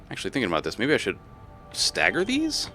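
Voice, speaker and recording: Male game streamer with a bright, lively, swinging voice that breaks into exasperated swearing, faint music behind. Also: mid-range voice. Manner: animated, swearing, exasperated outbursts. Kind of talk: live gameplay commentary.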